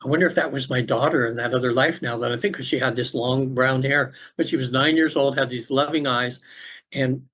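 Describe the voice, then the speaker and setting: A man's voice: medium pitch, steady tone, fairly bright tone. Earnest middle-aged man telling a story. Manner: halting, earnest, with many restarts. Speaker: podcast guest, afterlife facilitator. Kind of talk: personal storytelling in conversation.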